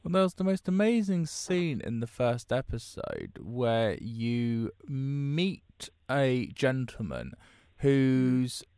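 A man's voice: medium pitch, lively intonation, slow pace, darkish tone, clean tone, no room sound. A man interviewing a guest, asking questions and speaking openly emotionally.

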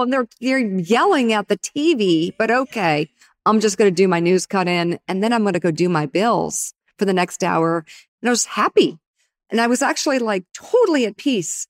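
A middle-aged woman tells a career story in an animated, conversational way, slipping into the voices of the people she quotes. Her voice is recorded close and dry, with no room sound. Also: mid-range voice, normal speed, no echo. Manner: animated, acts out quoted dialogue. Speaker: guest, TV news anchor.

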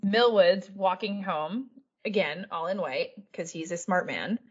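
A woman's voice: on the low side, a little slow, breathy edge. A woman hosts a casual podcast, spinning a history story in a breezy, offhand way. She swears freely and is amused by her own material. The recording sounds slightly dull and lo-fi. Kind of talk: casual chat.

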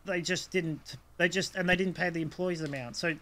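Bright raspy man. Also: sits high, fairly even intonation, fairly quick. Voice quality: raspy, like a smoker's cough when nervous. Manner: rambling, eager to explain theories. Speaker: podcast co-host. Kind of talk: casual podcast chat.

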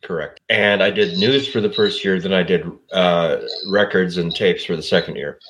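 Co-host, fifties, very deep voice, rambling teller. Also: male voice, fairly even intonation, moderate pace, fairly bright tone, rough recording. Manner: rambling storyteller, self-interrupting. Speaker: show producer and co-host. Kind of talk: casual comedy podcast chat.

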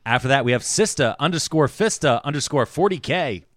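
A man co-hosting a podcast, joking casually and deadpan while reading out patron names. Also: a little high, a little fast, no echo, clean studio sound. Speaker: podcast co-host.

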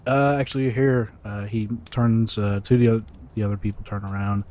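Low-voiced male dungeon master. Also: steady tone, normal speed, warm tone. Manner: casual, loose narration with many fillers. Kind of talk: narrating a tabletop game.

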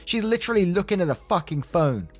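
A man's voice: very animated, quick pace, breathy edge, soft background music, heavily acted. A man voicing a hostile, entitled middle-aged mother who talks in a harsh, accusatory way. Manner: harsh, accusatory, shrill when angry.

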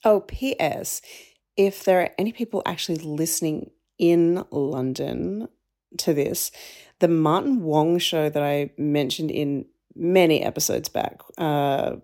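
A woman's voice: low-pitched, a little slow, warm tone. A woman podcast co-host chatting in a breezy, rambling way in a casual voice memo. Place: walking around a city, sending voice memos.

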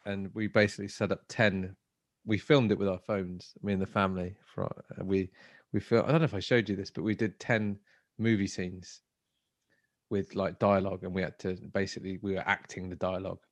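Co-host type: a playful, talkative man with a low voice, recorded dry at home. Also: flat delivery, a little fast, no room sound. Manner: chatty, playful, many restarts. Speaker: podcast co-host and agile trainer. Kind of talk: casual chat.

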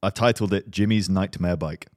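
A man's voice: low-pitched, moderate pace, dry recording, clean studio sound. A man co-hosting a cycling podcast in casual chat, joking and giggling. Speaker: podcast co-host.

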